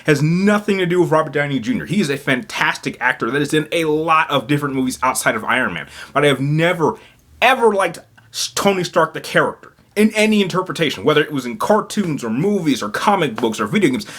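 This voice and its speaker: On his gaming vlog, this man talks fast in a fairly high, animated, bright voice. His emphatic, agitated rant rambles along as he stumbles, repeats words and keeps starting over.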